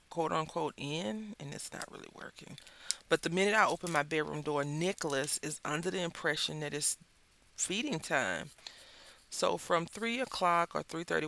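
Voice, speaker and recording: A craft channel host from the Southern United States, with a Southern American accent, chats in a rambling, storytelling way while working at her craft table. Her voice sits low, with vocal fry and a slightly bright tone.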